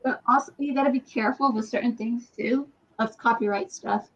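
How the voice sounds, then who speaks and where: A woman chatting casually, rambling and correcting herself as she talks. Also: on the high side. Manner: rambling, halting, self-correcting. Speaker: livestream participant. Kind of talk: casual chat. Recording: dull lo-fi audio.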